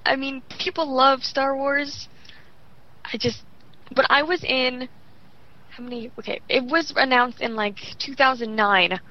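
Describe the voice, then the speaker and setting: A young woman chatting casually about games, talking quickly and rambling with lots of fillers. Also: high-pitched, fairly even intonation, highs cut off. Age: young adult. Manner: rapid, rambling, full of fillers. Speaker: guest gamer. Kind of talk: casual chat.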